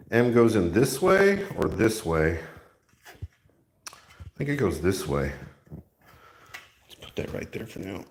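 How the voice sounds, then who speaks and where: A lowish-voiced man chats his way through a furniture build, tossing wry jokes to the viewers as he works. He drifts toward and away from a camera mic in an echoey room. Faint noise and the click of parts sit under his voice. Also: big pitch swings, takes it slowly, pauses often. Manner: chatty, jokey asides to viewers while working. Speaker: maker and video host. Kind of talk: casual running talk while assembling.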